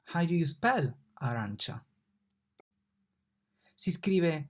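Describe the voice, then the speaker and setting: A teacher giving an online Italian lesson, slowly and patiently sounding out letters and repeating words. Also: mid-range voice, big pitch swings.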